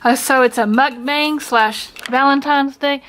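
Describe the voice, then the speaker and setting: High-pitched lady filming her family vlog at home, slow easy talk, teasing and chatty. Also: fairly even intonation, a bit bright, a little hiss or hum. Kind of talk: casual family vlog chat.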